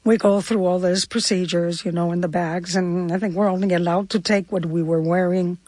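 A woman's voice: lowish voice, steady tone, moderate pace, darkish tone, no echo. An older woman from Cuba, a guest in an interview, recalling her past in a heartfelt, vivid and reflective way. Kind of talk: personal storytelling interview.

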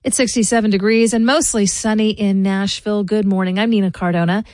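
A woman hosting a local morning radio newscast in a measured, clear delivery. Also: medium pitch, steady tone, a little mellow, no echo, studio quality. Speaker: local news host. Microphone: studio mic.

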